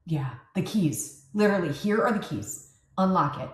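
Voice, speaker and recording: A woman in her fifties co-hosts a podcast in easy, candid chat, spinning stories with plenty of asides. Her voice sits a bit low. The room around her rings noticeably. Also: normal speed. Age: 50s. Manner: candid, animated storytelling with asides. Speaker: podcast co-host. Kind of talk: casual chat. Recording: echoey room.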